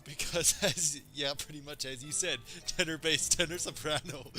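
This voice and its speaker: A man's voice: on the high side, steady tone, moderate pace, pushed and bright. A man giving casual, rambling gameplay commentary, often giggling at his own jokes. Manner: giggly, rambling, self-amused. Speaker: let's play gamer. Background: game music.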